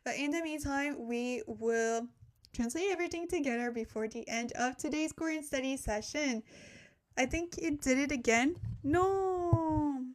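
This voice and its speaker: Speaking in a high voice at a moderate pace, a young non-native English speaker runs a casual language lesson on a live stream from her desk mic. She's chatty and frequently laughs as she goes through the chat.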